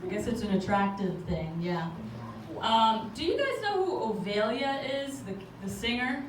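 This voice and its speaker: A woman's voice: fairly high pitch, big pitch swings, normal speed, distant mic. A woman doing a chatty stand-up comedy set on a club stage, laughing through her jokes. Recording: very echoey club, noisy audience ambience.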